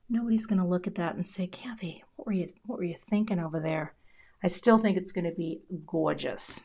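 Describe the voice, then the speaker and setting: A middle-aged woman narrating a casual crafting tutorial, chatty and relaxed, often dropping into a whisper as she concentrates. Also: mid-range voice, creaky. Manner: drops into whispers while concentrating. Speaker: card-making crafter.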